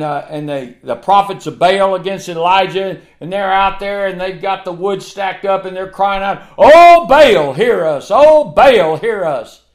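A man preaching a sermon, slow and emphatic, with dramatic swings between loud and hushed delivery. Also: high voice.

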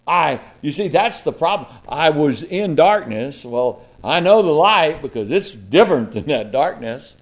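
A man's voice: fairly high pitch, sing-song, unhurried. Dramatic male preacher reading scripture. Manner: King James scripture reading, dramatic swings from loud to hushed; folksy asides with chuckles. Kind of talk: sermon.

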